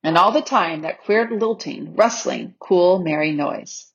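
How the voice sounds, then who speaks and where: A woman reading a children's novel aloud in a gentle, measured way, on a slightly dull recording. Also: lowish voice, breathy edge. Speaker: audiobook reader. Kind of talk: storybook narration.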